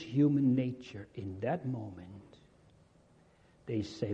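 A man preaching a sermon to a congregation, earnest and slow, repeating key phrases. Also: mid-range voice, expressive, husky, dull audio.

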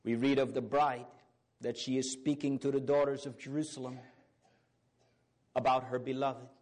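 A man's voice: mid-range voice, little pitch movement, normal speed, darkish tone. A man preaching a sermon, earnest and fervent, with old biblical phrasing and rising exclamations.

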